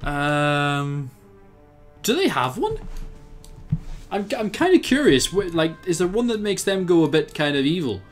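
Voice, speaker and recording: A young Irish man giving casual let's-play commentary, thinking aloud, chatty and laughing often, with sudden bursts of excitement. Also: on the high side, unhurried, long pauses, faint music behind. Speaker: game commentator.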